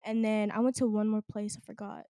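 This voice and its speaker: A woman's voice: medium pitch, flat delivery, fairly quick, mellow, no echo, clean studio sound. A teenage girl from Texas, a social media creator chatting casually in an interview, with lots of fillers and giggles. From Texas, USA. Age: teens.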